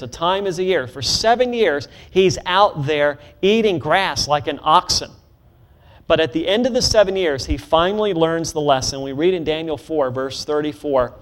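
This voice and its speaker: A man preaching a sermon, leading the congregation to repeat phrases back, rushing through asides and slowing hard on emphatic lines. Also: fairly high pitch, fairly bright tone. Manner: call-and-response, leads congregation in repeating phrases; swings between quick asides and slow emphatic declarations.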